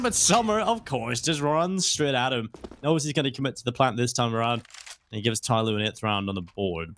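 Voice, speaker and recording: A man calling esports play-by-play, building excitement on big plays. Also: mid-range voice, slight background noise. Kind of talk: play-by-play game commentary.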